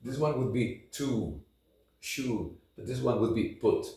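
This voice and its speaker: A man teaching an English phonetics lesson, drawing out each example sound slowly and deliberately. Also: mid-range voice, mellow, heavy reverb, recorded from a distance. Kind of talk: phonetics lesson with model words.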